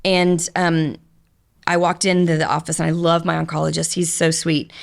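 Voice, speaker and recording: A woman's voice: deep voice, level tone, moderate pace, creaky. A middle-aged woman guest on a podcast, telling her story frankly and openly in long, run-on conversational stretches. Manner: frank and open, talks in long run-on stories. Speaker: podcast guest, business owner.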